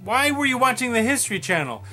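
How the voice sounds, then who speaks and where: A man's voice: extremely high pitch, very animated, fast talker, bright, forceful tone, soft background music, exaggerated voice. A man voicing an exasperated straight-man male puppet who questions his friend incredulously in a comedy sketch.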